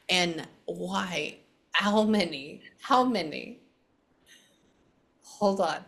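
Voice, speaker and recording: Woman, psychic medium, casual reading, halting, low pitch, bright tone. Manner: halting, often pausing to listen.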